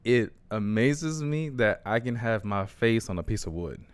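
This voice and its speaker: A man's voice: on the low side, expressive, measured pace, smooth, no echo. A man from Texas co-hosting a podcast, telling stories in a laid-back, slangy casual chat. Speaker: podcast co-host.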